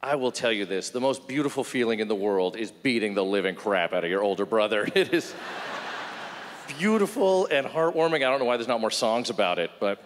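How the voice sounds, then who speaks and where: Stand-up comedian on a reverberant stage. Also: male voice, fairly low pitch, fast, few pauses, noisy background. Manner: animated storytelling, acts out voices. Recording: live stage with hall reverb.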